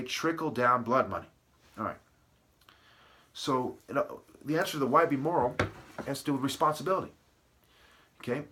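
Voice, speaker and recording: A man's voice: medium pitch, bright, forceful tone. A man delivering a preachy solo lecture, emphatic and berating his listeners, full of word-play and tag questions like "okay" and "right". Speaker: channel host.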